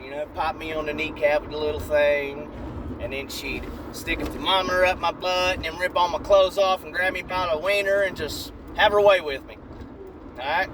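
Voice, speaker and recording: A man telling a brash, animated comedic story in a casual way, recorded in a parked car. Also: fairly high pitch, noisy background. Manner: animated, brash, shifting into voices.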